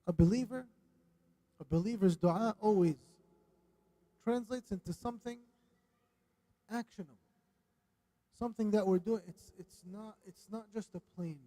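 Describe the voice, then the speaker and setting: A man giving a religious lesson in a mosque, animated and questioning his audience, dropping Arabic religious phrases. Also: high-pitched. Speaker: religious teacher. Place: mosque hall.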